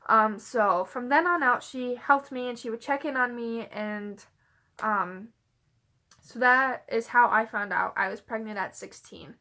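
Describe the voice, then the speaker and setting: Bright-voiced young woman telling her story. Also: a little high, unhurried. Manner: rambling, frequent "like" fillers. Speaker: vlogger. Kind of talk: casual personal storytelling to camera.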